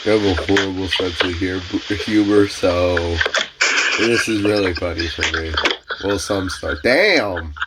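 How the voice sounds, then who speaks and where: A man's voice: sits low, a little slow, heavy background noise. A young man hosting a reaction video, making joking, self-mocking asides as he comments casually.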